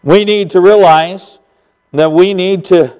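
High-voiced preacher man, folksy and earnest. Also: slow pace, clean tone. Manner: earnest, folksy and homespun, swinging between emphatic and hushed. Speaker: guest preacher. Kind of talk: sermon. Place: church.

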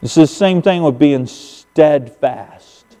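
Older male pastor, high-pitched and mellow, folksy sermon storyteller, church hall reverb. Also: slow pace. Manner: folksy storytelling, emphatic sound effects. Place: church sanctuary.

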